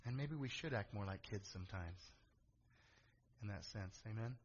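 Here a middle-aged pastor speaks in a husky, lowish voice at a moderate pace. He preaches through a story, addressing the congregation in asides before rising to emphatic calls, all captured in dull lo-fi audio within an echoey hall.

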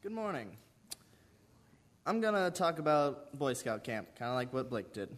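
A man's voice: mid-range voice, sing-song, normal speed. A teenage boy opening his talk with a polite greeting. His voice sits in an ordinary middle range, and his tone is formal as he addresses the room. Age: teens. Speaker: youth speaker.

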